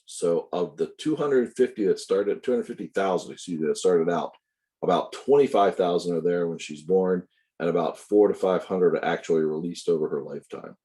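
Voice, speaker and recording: Low, mellow-voiced male lecturer. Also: normal speed. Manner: explains step by step, corrects himself, asides to students. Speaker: anatomy instructor. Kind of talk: recorded lecture.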